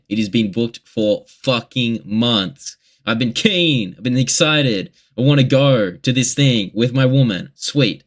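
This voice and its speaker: A man's voice: medium pitch, fairly bright tone. A young man in a casual confessional vlog monologue, rambling and candid with heavy swearing. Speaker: vlogger.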